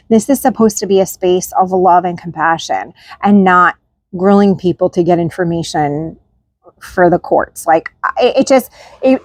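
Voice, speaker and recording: Speaking to the camera, a female channel host keeps things frank and relaxed, peppering her sentences with "like" and "right?". Her voice sits on the low side, captured in a dry, studio-quality recording.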